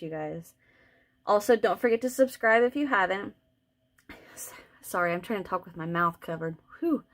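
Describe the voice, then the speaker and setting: A woman's voice: mid-range voice, a bit bright. A woman hosting her crochet channel, chatting casually through a tutorial with frequent ums and restarts.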